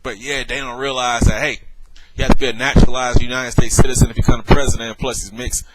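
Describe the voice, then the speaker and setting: A man's voice: mid-range voice, flat delivery, fast, a bit bright, slight background noise, low-quality recording. Worked-up man lecturing a viewer. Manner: lecturing, exasperated, addresses viewer directly. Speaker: vlogger. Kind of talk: heated video rebuttal.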